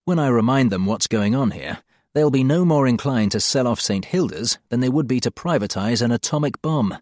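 A man's voice: medium pitch, lively intonation, moderate pace, a little mellow, dry recording. A man reading a first-person novel aloud in a dry, wry storytelling manner. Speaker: audiobook narrator. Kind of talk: scripted first-person narration.

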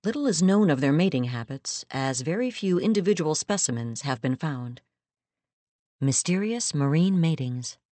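A woman reading a story aloud in a measured, steady narrating voice, close to the mic. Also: sits low, no room sound. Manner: measured, steady storytelling with quoted lines acted. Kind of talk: scripted audiobook narration.

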